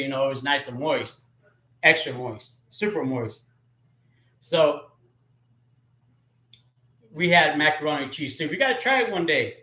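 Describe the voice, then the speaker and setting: A man's voice: on the high side, bright, forceful tone, roomy sound. A man hosting a live stream, telling rambling, profane, joking stories about his sister. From California. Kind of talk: casual storytelling.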